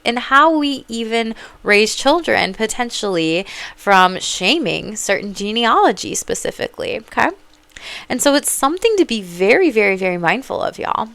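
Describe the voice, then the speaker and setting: A woman talking to her viewers in an animated, blunt, rambling way, swearing freely and slipping into tangents. Her voice is smooth and clear, and it sounds dry and close with no room around it. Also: fairly high pitch, moderate pace, no echo. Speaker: psychic and life coach. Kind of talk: casual monologue to viewers.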